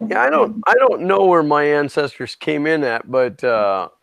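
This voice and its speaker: A man's voice: on the high side, lively intonation, moderate pace, vocal fry, fairly bright tone, no echo. A man from Minnesota co-hosting a livestream, a chatty storyteller in casual chat. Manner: chatty storyteller, laughs easily. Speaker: co-host of a livestream.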